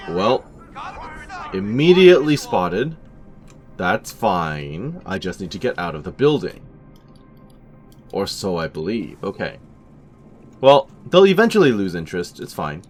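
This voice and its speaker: A man giving casual let's-play commentary with chatty, wry asides. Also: deep voice. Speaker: gaming channel host. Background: game music.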